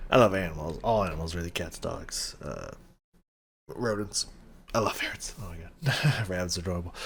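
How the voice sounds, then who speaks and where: A man's voice: low-pitched, creaky, a bit bright, slight background noise. A man hosting a music reaction video, talking loosely with lots of fillers, laughs and casual swearing. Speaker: music reaction channel host.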